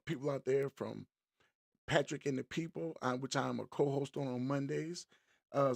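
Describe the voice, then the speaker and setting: A man's voice: medium pitch, gravelly. A middle-aged man hosting a live-streamed podcast, opening the show in an upbeat, chatty way and greeting viewers by name. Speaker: podcast host.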